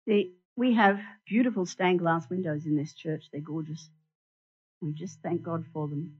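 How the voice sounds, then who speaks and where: A woman giving an animated sermon in a church, asking the congregation questions and showing them props. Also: low-pitched, unhurried, breathy edge. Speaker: church speaker. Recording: dull lo-fi recording.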